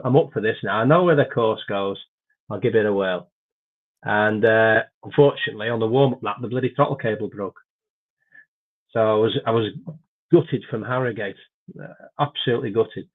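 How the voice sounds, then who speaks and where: A middle-aged man, a former racer, telling animated anecdotes in casual conversation, restarting his sentences often. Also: fairly low pitch, husky. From Britain. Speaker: podcast guest, former racer. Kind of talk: casual storytelling. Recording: tinny phone-like line.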